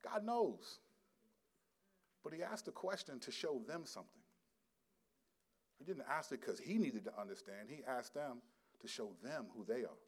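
A middle-aged male pastor giving a sermon, swinging from quiet, low asides to loud, emphatic scripture reading. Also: animated, moderate pace, pauses often, breathy edge. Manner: reads scripture aloud with rising intensity.

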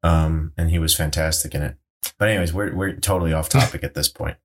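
Low-pitched guy, podcast co-host, loose, rambling, swears a lot. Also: fast talker, a little hiss or hum. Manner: rambling, excitable, swears casually. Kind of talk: casual chat about movies.

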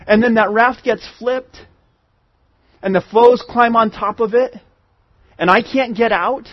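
A man preaching a sermon in an earnest way, moving between loud pleading and hushed asides. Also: very high voice, steady tone, unhurried, long pauses, no echo, dull audio.

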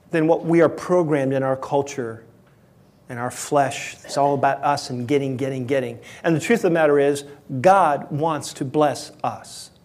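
A man's voice: a little high, darkish tone. A man preaching a sermon as pastor, earnest and emphatic, often correcting himself mid-sentence.

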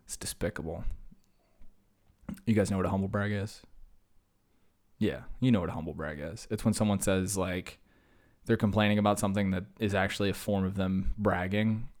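A man's voice: low voice, fairly even intonation, brisk, darkish tone. A man in his thirties hosting a casual solo podcast, rambling and self-mocking, slightly wheezy after a workout. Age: 30s. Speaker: podcast host.

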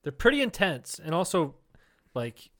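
A man's voice: on the high side, very animated, a bit bright. A young adult man co-hosting a comedy podcast, cracking jokes, swearing and laughing often. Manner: joking, profane, quick to laugh. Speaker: podcast co-host. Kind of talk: casual comedic banter.

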